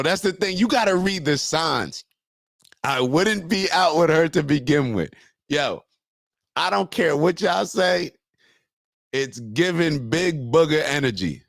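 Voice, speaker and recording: A man's voice: medium pitch, no echo, clean studio sound. A man hosting a morning show, reacting to a clip and reading viewer comments in loose, slangy talk aimed straight at his viewers.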